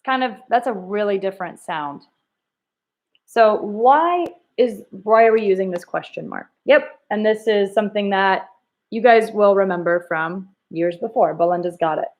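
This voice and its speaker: Leading students through a reading lesson, a teacher speaks at medium pitch and normal speed, reasoning out loud. She prompts them with questions and tries lines again in varied tones.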